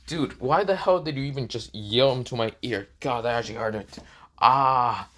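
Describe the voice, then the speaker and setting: A man voicing a flustered teenage demon boy who yells and curses at the dragon in his head. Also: medium pitch, normal speed, natural voice. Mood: angry. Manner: shouting, cursing, stuttering.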